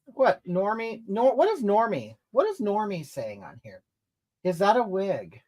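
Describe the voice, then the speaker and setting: A crude, entitled woman rants and snipes indignantly at her viewers, as a performer plays her for a comedy livestream. Her mid-range voice swings widely up and down with each outraged jab. She rambles and scolds without pause. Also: medium pitch, very animated, a little mellow. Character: crude, entitled, brash middle-aged woman. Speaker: comedy livestreamer reading comments in character. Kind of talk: improvised character comedy.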